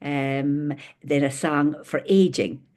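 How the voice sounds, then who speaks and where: A woman hosting a spiritual gathering over a video call, talking gently and rambling affectionately between stories. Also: deep voice, steady tone, slow pace. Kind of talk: informal spiritual talk with stories.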